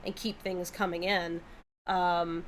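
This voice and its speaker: A woman's voice: lowish voice, level tone, takes it slowly, slight background noise. Wordy woman rambling on a livestream. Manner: wordy, lots of fillers and restarts. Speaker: animation project lead. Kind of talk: casual livestream chat.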